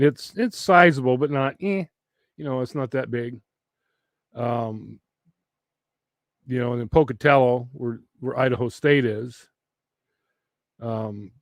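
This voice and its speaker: A man's voice: medium pitch, no echo, clean studio sound. A man hosting a casual chat, rambling with lots of fillers and teasing his dog in a playful sing-song voice. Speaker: livestream host.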